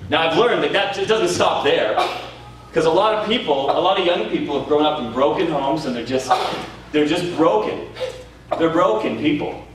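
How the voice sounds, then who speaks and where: A man preaching a sermon as pastor, telling stories with lively energy, acting out quoted voices and laughing often. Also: a little high. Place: community centre hall. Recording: very echoey hall, voice from far off, faint noise.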